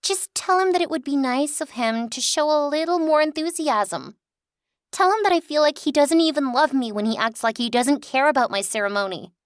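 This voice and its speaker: A woman's voice: high voice, animated, moderate pace, no echo, studio quality, pitched above the performer's own voice. A woman voicing a whiny, spoiled eighteen-year-old werewolf girl who pouts and wheedles in an audiobook. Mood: wheedling. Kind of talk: audiobook dialogue.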